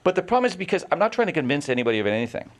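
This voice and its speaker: A man's voice: fairly high pitch, big pitch swings, rapid-fire. A man around sixty, talking as a podcast guest in a casual interview, who repeats words and digresses as he explains his views.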